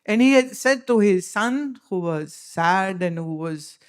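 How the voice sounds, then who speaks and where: A woman's voice: mid-range voice, lively intonation, measured pace, clean tone. Emphatic Indian English woman teaching. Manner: emphatic, rhetorical questioning, lecturing. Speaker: spiritual teacher. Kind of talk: spiritual discourse to followers.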